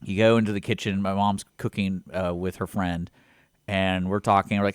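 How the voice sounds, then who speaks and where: A man's voice: low-pitched, normal speed, smooth, no room sound, clean studio sound. A man co-hosting a radio talk show, telling childhood stories and acting out family members' lines in a casual chat. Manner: animated storyteller who acts out family quotes. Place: radio studio.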